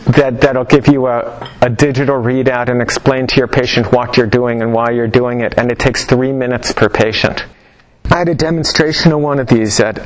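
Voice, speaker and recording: A man's voice: mid-range voice, rough recording. Middle-aged male lecturer, conversational and wry, loose teaching style with storytelling asides. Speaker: teacher of Chinese medicine. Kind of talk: informal lecture to a class.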